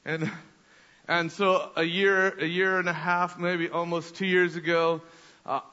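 A high, bright male voice delivers an animated sermon story and often doubles back on his words. The sound rings with the long echo of a hall and has a dull, lo-fi tone. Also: measured pace. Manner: animated, repeats words while telling a story. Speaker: preacher.

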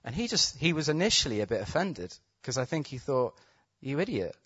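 A man preaching, telling a healing story with excited laughter, then praying with urgent declarations over the crowd. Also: medium pitch, a little fast, breathy edge, no room sound. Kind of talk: testimony storytelling and healing prayer. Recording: dull, slightly muffled sound.

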